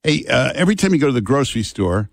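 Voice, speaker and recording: A man's voice: mid-range voice, big pitch swings, very fast, gravelly, no echo, studio quality. An older man hosting a talk radio show, chatting casually with frequent fillers. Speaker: radio host.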